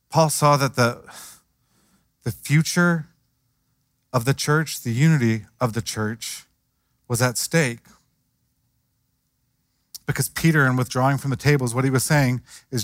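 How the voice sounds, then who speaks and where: A man's voice: a little high, moderate pace, fairly bright tone, no echo, clean studio sound. A man preaching a sermon in a conversational way, acting out the voices of the people he quotes. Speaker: pastor.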